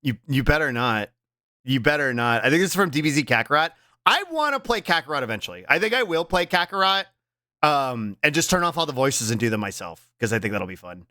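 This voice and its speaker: Male streamer, casual live chat, lively pitch, bright forceful tone, dry close-mic sound, breaks into loud laughs. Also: no echo. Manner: animated, laughs loudly, slips into quick character voices.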